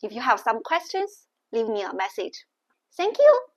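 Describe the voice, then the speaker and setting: A woman teaching Mandarin tones in a language lesson, explaining slowly and deliberately. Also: fairly high pitch, wildly swooping pitch. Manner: slow, deliberate explaining with exaggerated tone demonstrations.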